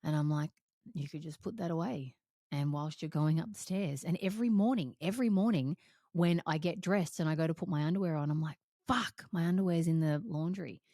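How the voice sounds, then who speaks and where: Woman podcast host, low voice, chatty and candid, swears a lot, dry close sound. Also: brisk, mellow, no echo. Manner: candid, swears freely, laughs often. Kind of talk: casual solo podcast monologue.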